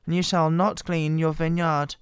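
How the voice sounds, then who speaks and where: Woman, hoarse with a cold, halting and quiet, smooth tone under the strain. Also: level tone, dry recording. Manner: quiet, halting, voice wobbling in pitch. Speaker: Bible reader. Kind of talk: slow scripture reading. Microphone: very close to the microphone.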